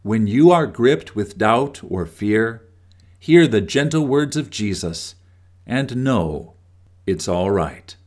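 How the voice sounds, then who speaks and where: Slow, gentle male devotional reader. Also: medium pitch, expressive. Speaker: devotional speaker. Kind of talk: scripted devotional reading.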